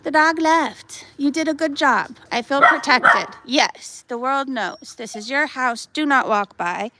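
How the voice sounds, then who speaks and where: A woman's voice: high-pitched, a little slow, bright, forceful tone, a little hiss or hum. A woman in her thirties chatting casually on a backyard livestream, talking to her dog and her viewers and laughing often. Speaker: vlogger livestreaming. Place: backyard outdoors.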